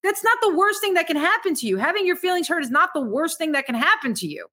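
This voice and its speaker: A woman from Montenegro talks in a casual podcast chat, emphatic and earnest as she tells stories. Her voice sits high and sounds bright and clear. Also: very animated, fast. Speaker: guest comedian.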